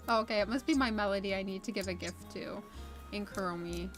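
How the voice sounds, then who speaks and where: A woman's voice: medium pitch, lively intonation, moderate pace, pauses often, faint music behind. An American woman chatting casually while she streams a game, rambling, restarting her sentences and laughing often. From United States. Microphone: desk USB condenser mic.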